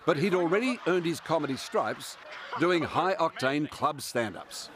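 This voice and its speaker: An Australian man narrating a TV feature and asking interview questions in a measured way. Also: a little high, animated, over loud music. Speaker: TV reporter.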